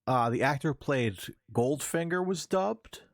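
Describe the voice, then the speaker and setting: A man's voice: a little high, expressive, a little slow, no echo, studio quality. A man co-hosting a podcast, asking curious questions and laughing a lot in casual movie chat. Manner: curious, laughs often, trails off and restarts. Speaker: podcast co-host.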